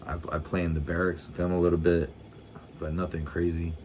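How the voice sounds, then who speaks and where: Low-voiced laid-back man. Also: little pitch movement, a little fast, darkish tone, a little hiss or hum. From United States. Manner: laid-back rambling storytelling, swears a lot, often restarts. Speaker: vlogger. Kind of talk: casual chat.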